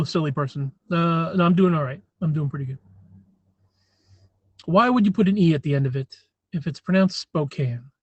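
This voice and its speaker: A man chatting casually to viewers on a live stream, rambling and often clearing his throat. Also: a little high, darkish tone, no room sound, highs cut off. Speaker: livestream host.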